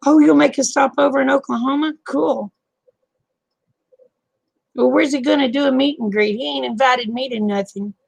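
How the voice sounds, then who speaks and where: A woman's voice: high-pitched, normal speed, creaky, long pauses, darkish tone, slightly rough, no echo. An older woman, hosting a casual late-night chat and calling viewers honey and babe. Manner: folksy, calls people honey and babe. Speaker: live stream host.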